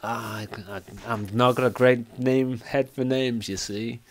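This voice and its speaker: A man voicing a shifty male barman in a seedy tavern, talking low and confidingly. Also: fairly even intonation, measured pace, dry recording, close to an everyday voice. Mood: conspiratorial.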